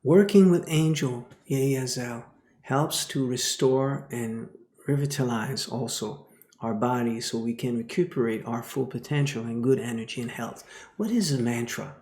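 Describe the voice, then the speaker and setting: Slow, mellow-voiced man teaching spirituality. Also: mid-range voice. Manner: dips to whispers, repeats phrases like a chant. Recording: roomy echo.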